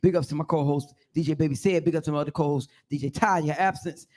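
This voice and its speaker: Excitable high-pitched male radio host. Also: quick pace. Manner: excited, hype shout-outs in slangy talk. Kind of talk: live radio show hosting.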